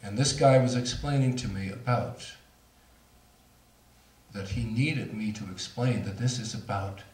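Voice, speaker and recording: A man's voice: fairly low pitch, darkish tone. A middle-aged man speaking to an audience, telling a personal story in a candid, self-mocking way with laughs. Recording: roomy hall, voice from far off.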